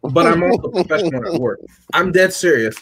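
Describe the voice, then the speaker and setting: A man's voice: on the high side, brisk. A man co-hosting a casual movie review chat, joking and teasing his co-hosts and reading out favorite quotes. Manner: joking, teasing, deadpan asides. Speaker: podcast co-host.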